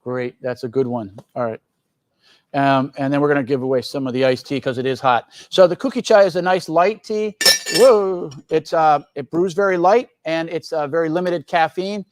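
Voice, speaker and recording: A man with a slightly high voice hosts a relaxed live stream about teas. He rambles, fills pauses with "uh" and "um", and drops in joking asides to the crew. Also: poor audio. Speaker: tea company host. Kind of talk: casual live-stream chat.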